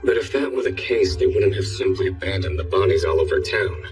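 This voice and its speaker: An actor voicing a calm, analytical male student who talks in a measured, reasoning way, in an anime dub. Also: low-pitched, close to an everyday voice. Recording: distant voice with music.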